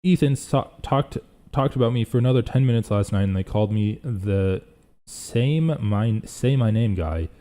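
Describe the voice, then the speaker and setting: A man's voice: fairly low pitch, animated, moderate pace, mellow. A young man hosting a casual live reaction stream, rambling and thinking aloud as he reads chat.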